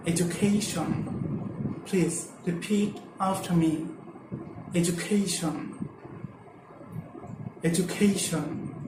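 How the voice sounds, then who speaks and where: Slow man teaching pronunciation. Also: high-pitched, very noisy. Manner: slow, deliberate, repeats words for drilling. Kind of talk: pronunciation lesson.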